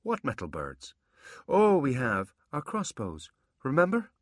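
A man's voice: medium pitch, wildly swooping pitch, a little slow, no echo, pitched above the performer's own voice. Man doing a dry, clever boy.

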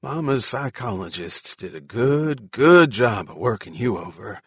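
A man voicing an energetic elderly man who talks loudly and in a hurry. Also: medium pitch, slightly rough, no room sound, studio quality, full character voice. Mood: hurried. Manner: loud, urgent, hurried.

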